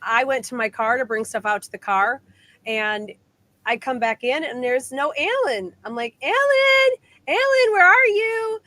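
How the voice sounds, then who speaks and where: Lively woman telling a story. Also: on the high side, normal speed. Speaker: guest. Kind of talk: casual storytelling on a live show.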